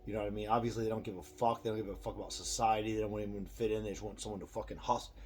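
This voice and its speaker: Brief: middle-aged male vlogger, low-pitched, cursing and rambling, faint hiss behind. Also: flat delivery, racing, a little mellow. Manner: profane, ranting, self-deprecating. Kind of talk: rambling opinion monologue.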